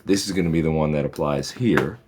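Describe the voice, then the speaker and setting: A man's voice: rumbling low, fairly quick, background noise. A man, a physics teacher, patiently and methodically walks through homework problems in a recorded lesson, with reassuring asides.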